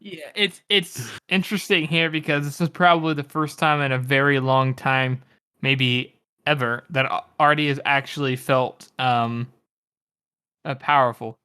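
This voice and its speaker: A man's voice: medium pitch, fairly even intonation, a little slow, sharp tone, smooth. A man co-hosting a casual book podcast, joking around with mock outrage and swearing. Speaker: podcast co-host. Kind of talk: casual book-discussion chat.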